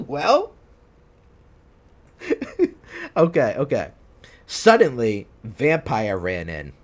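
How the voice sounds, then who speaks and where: A man's voice: medium pitch, sing-song, slow pace, pauses often. A man streaming himself reading fan fiction aloud, stopping to mock it in disbelief and breaking into laughter. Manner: incredulous, mocking, breaks into laughter.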